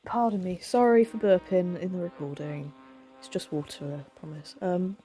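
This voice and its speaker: A woman in her thirties with vocal fry, tired from lack of sleep, chatting casually and rambling with lots of fillers while playing a video game. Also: fairly low pitch, expressive, moderate pace, few pauses, dark tone, faint music behind. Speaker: game streamer. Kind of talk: casual let's-play commentary.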